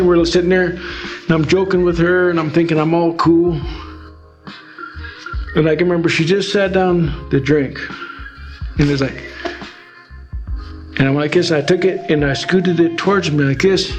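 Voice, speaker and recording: A man's voice: fairly high pitch, moderate pace, long pauses, soft background music. A middle-aged man from Alaska telling his life story in a rambling, filler-heavy way, as a guest in an interview. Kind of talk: personal testimony.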